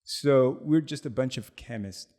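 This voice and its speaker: A man's voice: medium pitch, a little slow. A man co-hosting a podcast, telling a story casually with laughter and acted-out quotes. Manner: animated, laughing, acts out quotes. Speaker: podcast co-host and product founder.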